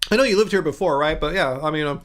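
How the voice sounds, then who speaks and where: American man, high-pitched voice, livestream host, rambling casual chat, eating while talking. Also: fast talker, a bit bright. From United States. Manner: rambling and curious, many fillers and restarts. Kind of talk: casual livestream chat answering viewer comments.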